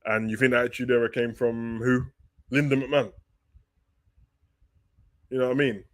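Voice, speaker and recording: A man hosting a live wrestling talk stream, reading viewer questions aloud and answering them in loose, slangy, animated chat. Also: medium pitch, moderate pace. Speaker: wrestling talk show host.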